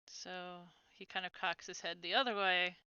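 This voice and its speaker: A woman narrating as game master of a tabletop game, describing slowly with many fillers. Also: lowish voice, steady tone, pushed and bright, clean tone, no room sound, muffled recording.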